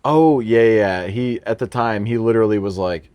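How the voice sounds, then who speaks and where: A man's voice: lowish voice, fairly quick, no room sound, dull audio. Young man, dry close sound, rambling stories. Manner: rambling anecdotes with restarts and laughter. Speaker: podcast guest. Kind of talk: casual chat.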